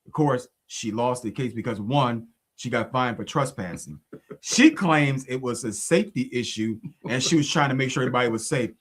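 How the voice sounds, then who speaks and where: A man co-hosting a faith podcast who tells stories in an animated, indignant way. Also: mid-range voice, moderate pace, slightly rough. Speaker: podcast co-host. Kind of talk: casual storytelling chat.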